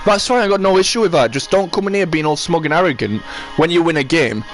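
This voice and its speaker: Ranting Sheffield man, fairly high voice. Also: animated, quick pace, faint music behind. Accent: Sheffield English. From Sheffield, England. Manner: ranting, swearing, repeats himself. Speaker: livestreamer. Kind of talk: angry rant to live chat.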